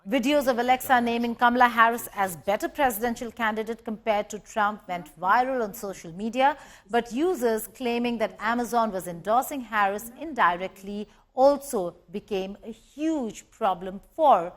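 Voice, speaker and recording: A woman hosting a news feature, narrating with lively asides. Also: a little high, moderate pace, few pauses. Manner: lively narration broken by laughter. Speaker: news host.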